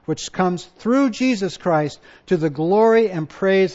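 A male pastor giving a sermon, moving from quiet personal reflection to loud, emphatic repetition. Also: high voice, lively intonation, normal speed, hardly any pauses. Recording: dull lo-fi sound.

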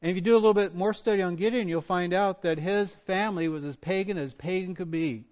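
Man preaching, high voice, goes quiet then loud, dull lo-fi recording. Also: quick pace. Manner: swings from hushed asides to loud emphatic points. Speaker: pastor. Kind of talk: sermon.

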